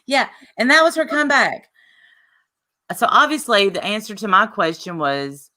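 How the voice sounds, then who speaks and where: A woman hosting a casual livestream, sarcastic and animated, laughing often as she reads comments. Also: medium pitch, moderate pace. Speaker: livestream host.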